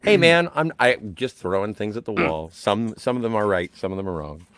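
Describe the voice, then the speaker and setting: A man's voice: fairly low pitch, lively intonation, a little fast, a bit bright, smooth. A man co-hosting a casual review chat, rambling and poking fun at himself. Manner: rambling, self-deprecating. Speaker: podcast co-host.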